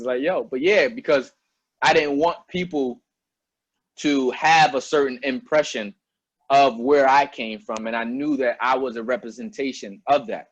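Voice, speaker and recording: A man's voice: mid-range voice, dry recording, muffled recording. Slangy man interviewer from Albany. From Albany, New York. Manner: relaxed, slangy, repeats "you know what I mean". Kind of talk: casual conversational interview.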